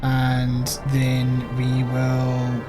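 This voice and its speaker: Slow-talking Scottish man gaming. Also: medium pitch, completely flat delivery, music in the background. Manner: thinking aloud, swears casually, reads on-screen text. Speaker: gaming channel host. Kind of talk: casual let's-play commentary.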